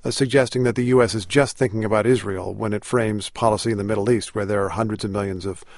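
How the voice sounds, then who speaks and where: A man's voice: lowish voice, steady tone, quick pace, no room sound, studio quality. A man hosting a news interview, asking probing questions. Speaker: interview host.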